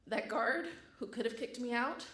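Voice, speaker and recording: A woman's voice: on the high side, normal speed, fairly bright tone, roomy sound. A woman telling a true story on stage with a wry, comic delivery. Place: stage before a live audience.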